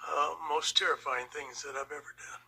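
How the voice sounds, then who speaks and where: Older man telling a war story, bright voice. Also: a little high, steady tone, gravelly, breathy edge, rough recording. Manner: slow, emotional, reflective. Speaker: Vietnam veteran storyteller. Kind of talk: personal storytelling.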